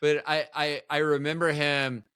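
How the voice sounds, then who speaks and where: A man's voice: fairly high pitch, little pitch movement, normal speed, bright, forceful tone, clean tone, dry recording, clean studio sound. A man in his fifties, a film producer guest on a podcast, talking in a rambling, enthusiastic way with many restarts. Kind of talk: casual podcast chat.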